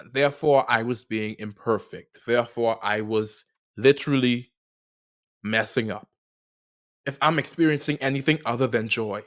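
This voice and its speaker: A young man hosting a solo podcast, talking reflectively and with animated, playful riffs that swing widely in pitch and loudness. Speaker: podcast host.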